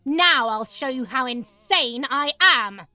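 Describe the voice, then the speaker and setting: A woman's voice: high-pitched, animated, slow pace, sharp tone, exaggerated voice. An actress playing a cruel, abusive mother who scolds and threatens her daughter in a harsh voice. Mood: menacing. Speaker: game character. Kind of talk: video game voice acting.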